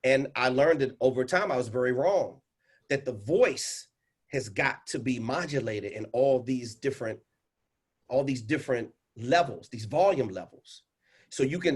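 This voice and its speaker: A man coaching a caller on a livestream. He is animated and instructive and swings between loud and hushed delivery. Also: medium pitch, normal speed, breathy edge. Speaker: speaking coach and host.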